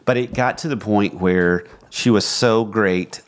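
Middle-aged male podcast host, low register, earnest and reflective, casual chat delivery. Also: a little slow.

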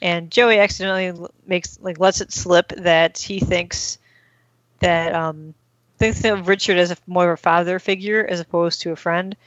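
A woman's voice: fairly low pitch, fairly even intonation, moderate pace, no room sound, muffled recording. A woman hosting a casual chat, rambling through a recap with many fillers and acting out quoted lines. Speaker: podcast host recapping an episode.

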